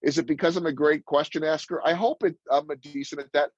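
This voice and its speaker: A man's voice: a little high, steady tone, fast, a little mellow, no room sound, muffled recording. A man in his fifties, a sports broadcaster guest telling stories in an interview and acting out the lines he quotes. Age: 50s. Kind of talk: storytelling interview answers.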